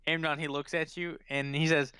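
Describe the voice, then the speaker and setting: A man's voice: fairly high pitch, level tone, moderate pace, pushed and bright, clear, resonant tone, no room sound. A man narrating a tabletop game as dungeon master in a loose, filler-heavy way.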